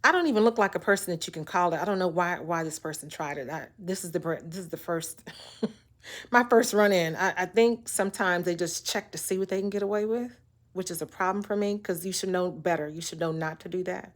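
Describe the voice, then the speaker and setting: A woman vlogger in a casual to-camera monologue, blunt and exasperated. Her voice sits a little low. She punches key words and repeats herself when she gets worked up. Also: fairly quick. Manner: blunt, emphatic, exasperated ranting. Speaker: vlogger giving relationship talk.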